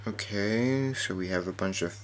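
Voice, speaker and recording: A man's voice: on the low side, normal speed, very noisy. A man talking casually as a vlogger while setting up a device, mumbling and hesitant, with mild swearing. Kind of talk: casual off-the-cuff commentary.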